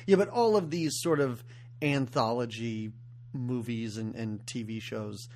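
A man's voice: medium pitch, measured pace, darkish tone. A man co-hosting a casual movie podcast, rambling loosely and laughing often between thoughts. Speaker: podcast co-host. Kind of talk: casual film podcast chat.

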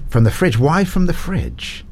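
Lively, chatty radio host. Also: male voice, fairly high pitch, unhurried, gravelly, a little hiss or hum. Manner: chatty, playful, laughs often. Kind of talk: casual quick-fire interview.

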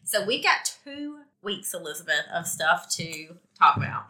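A Southern American woman in her thirties hosts a casual podcast, chatty and quick to laugh. Her voice is a bit low yet strikingly bright and forceful, and a cold leaves it stuffy. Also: big pitch swings. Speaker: podcast host, mother.

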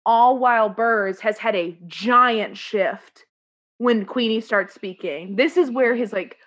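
A woman's voice: on the high side, slow pace, highs cut off. A woman chatting casually, acting out lines as she recounts a scene. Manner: animated, acts out lines while recounting. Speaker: podcast co-host discussing a musical. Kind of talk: casual chat, quoting lyrics.

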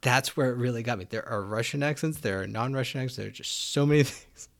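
A man's voice: mid-range voice, fast talker, gravelly. A man co-hosting a casual chat, thinking aloud in a hesitant way. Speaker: podcast co-host.

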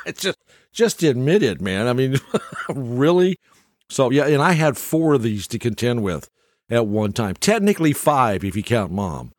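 A man's voice: medium pitch, very animated, unhurried, no room sound, studio quality. An older man telling stories in a casual, rambling monologue, chuckling often and restarting his sentences. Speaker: storyteller.

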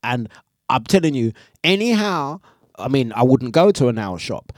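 A man hosting a breakfast radio show, telling stories in animated, slangy chat and laughing often. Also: medium pitch, moderate pace, no room sound, studio quality. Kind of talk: casual live radio chat.

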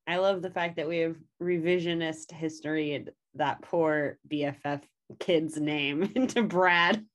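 Slow, low-voiced woman reacting. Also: lively intonation. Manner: laid-back listener reactions. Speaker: podcast co-host. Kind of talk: casual chat, short reactions.

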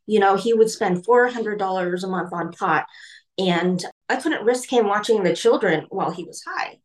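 A woman speaking as an interview guest, telling her own painful story in a candid, halting way. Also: medium pitch, poor audio. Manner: candid, halting, emotional retelling. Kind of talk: personal storytelling.

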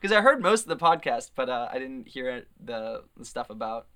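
A young man in his twenties, talking as a guest musician with a bright, crisp, clear voice. He rambles and hesitates, filling his sentences with ums and uhs in a relaxed, casual chat. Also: mid-range voice, fairly quick. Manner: rambling, hesitant with many fillers.

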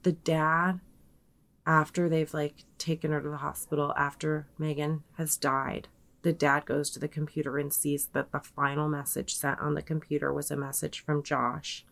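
A woman's voice: low voice, little pitch movement, moderate pace, vocal fry, fairly bright tone. A young adult woman co-hosting a podcast, casually retelling a story, peppering it with "like" and quoting people in her own voice. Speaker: podcast co-host.

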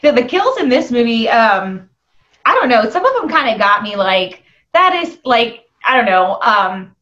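A woman's voice: on the high side, sing-song, moderate pace, a bit bright. Rambling woman with a dull lo-fi sound. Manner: rambling, laughs a lot, lots of "like". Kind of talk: casual movie review chat. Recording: dull lo-fi audio.

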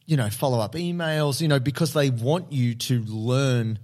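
A man's voice: mid-range voice, normal speed, a little mellow. Blunt, slangy man chatting. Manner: blunt, slangy, swears freely. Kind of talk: casual chat.

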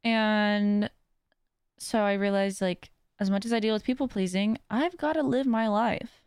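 A woman's voice: medium pitch, a little slow, darkish tone, clean tone, no echo, studio quality. A young woman hosting a podcast, talking casually and self-deprecatingly, often laughing and acting out what others said. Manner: chatty, self-deprecating, laughs often, acts out quoted voices. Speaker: podcast host. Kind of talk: casual personal chat.

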